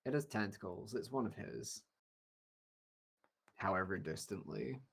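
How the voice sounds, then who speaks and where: Animated, playful man chatting at the table. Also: lowish voice, unhurried, gravelly, slight background noise. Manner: playful storytelling, acts out funny voices. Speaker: tabletop game player. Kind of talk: casual chat among players.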